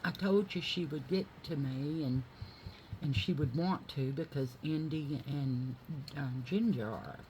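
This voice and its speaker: This woman's voice sits low and moves a little slowly. She's a beauty vlogger applying makeup in a noisy home recording, chatting to viewers and spinning friendly, rambling tales about her day.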